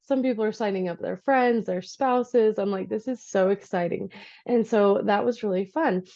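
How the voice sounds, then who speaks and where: A woman in her thirties, an energy healer, chatting casually in a vlog from her home office, animated as she retells her day. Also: medium pitch, normal speed. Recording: dull lo-fi recording.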